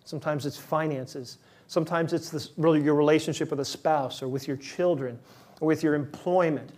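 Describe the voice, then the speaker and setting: A male pastor delivers a sermon, moving between lively, acted-out quotes and soft, slow, quiet lines. He animates the quotes with rising pitch and volume, and his humor is self-deprecating as he laughs at his own slips.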